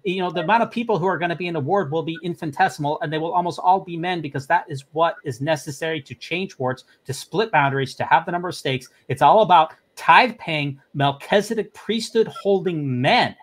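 A man hosts a casual talk podcast with a slightly raised pitch. He delivers the commentary in a wry, sardonic way, listing points in a steady build. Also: a little fast, few pauses. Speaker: podcast host. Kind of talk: casual news discussion.

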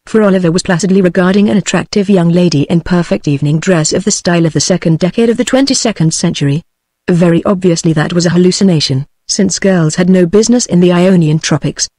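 A woman's voice: fairly low pitch, no room sound, studio quality. Synthetic British female audiobook narrator. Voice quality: synthetic text-to-speech voice. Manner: flat, even reading. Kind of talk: scripted narration.

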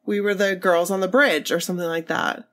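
A woman's voice: on the low side, fairly even intonation, a little fast, a bit bright. A woman co-hosting a podcast in casual chat, giggly and emotional, sniffly with a cold. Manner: giggly, emotional, laughs to tears. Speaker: podcast co-host.

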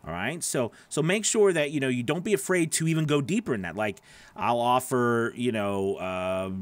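A man's voice: mid-range voice, moderate pace, no echo. Voice actor guy chatting on his stream, lots of ums and restarts, dry close sound. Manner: rambling, with many fillers and restarts; reads out and answers viewer comments by name. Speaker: voice actor hosting a live stream. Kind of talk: casual live-stream advice chat.

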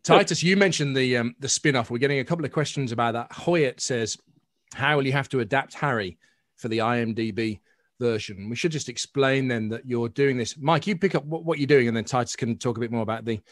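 A man's voice: mid-range voice, a little fast, dry recording. A man hosting a panel over a video call, polite and apologetic. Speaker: host. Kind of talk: moderating a panel.

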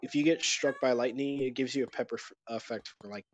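A man's voice: medium pitch, fairly even intonation, quick pace. Rambling man explaining game updates. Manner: rambling explainer with many fillers. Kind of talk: casual gaming chat.

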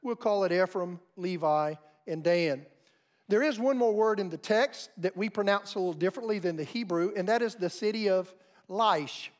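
An American man preaching a sermon as pastor, measured and deliberate, walking through pronunciations. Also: high voice.

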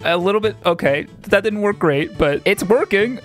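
A young male gaming YouTuber talking casually and with lots of excitement. He jokes constantly, and his voice swings up and down. Faint background music plays under his talk. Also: high-pitched, moderate pace. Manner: excitable, joking, lively.

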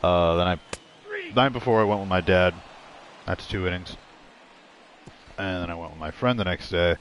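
A man's voice: sits low, normal speed, a bit bright, a little hiss or hum. A man giving casual, rambling commentary while playing a video game, blunt and full of swearing. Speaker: gaming streamer. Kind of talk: casual let's-play commentary.

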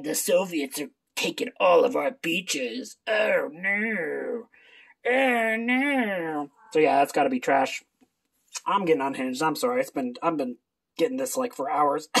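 A booktuber running through a book list in a casual, sarcastic, irreverent ramble with mild swearing. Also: mid-range voice. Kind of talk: casual book haul video.

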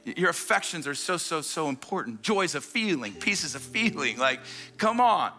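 A man preaching a sermon in a church, telling stories with energy and quick repeated restarts. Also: a little high, sing-song, pushed and bright, faint music behind. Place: church stage before a congregation.

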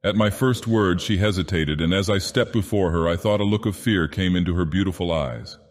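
A man reading a classic short story aloud while putting on the voice of an ancient, godlike male villain, with slow, measured, theatrical delivery. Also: low voice. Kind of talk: audiobook narration in character. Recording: long reverb added.

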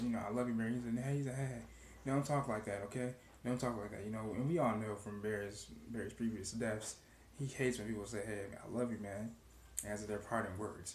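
A man's voice: mid-range voice, darkish tone. A young man casually recapping a TV episode, loose and profane, with lots of "you know" fillers. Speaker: TV show reaction vlogger. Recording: echoey room with faint noise.

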